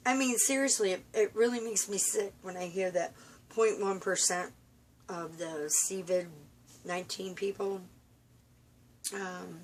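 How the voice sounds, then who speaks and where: A tired woman rambling in a personal vlog from a room at home, halting and confiding, full of fillers and restarts. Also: medium pitch, steady tone, a little hiss or hum. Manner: weary, confiding. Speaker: vlogger.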